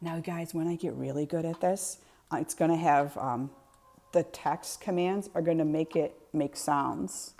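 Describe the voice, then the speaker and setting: A woman's voice: sits low, unhurried, dark tone. A woman chatting casually on a live art stream, laughing often and talking to her chat by name.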